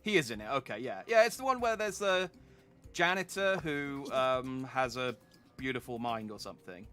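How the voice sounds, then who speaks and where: A man streaming a game, chatting casually, joking and reading the dialogue aloud in an animated, mock-indignant way. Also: medium pitch, normal speed, clear, resonant tone, soft background music.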